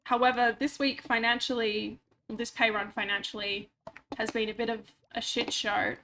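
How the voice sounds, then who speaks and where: A woman's voice: a little high, little pitch movement, moderate pace, sharp tone, slight background noise. A woman with a stuffy nose, chatting casually and rambling with self-mocking asides while she streams a game at home on a desk microphone. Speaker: livestreamer. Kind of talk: casual chat while gaming.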